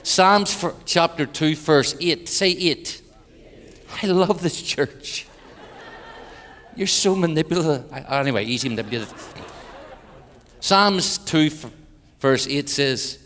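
Irish man, visiting preacher, joking sermon and hushed prayer, long church reverb. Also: a little high, slow, pauses often. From Ireland. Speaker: guest preacher. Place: large church.

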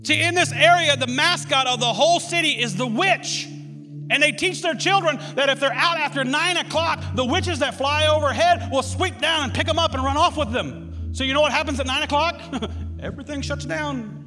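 A man preaching a sermon, telling a story with lively swings into shouting. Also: very high-pitched, normal speed. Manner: animated storytelling, bursts into shouts. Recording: long hall reverb with loud music.

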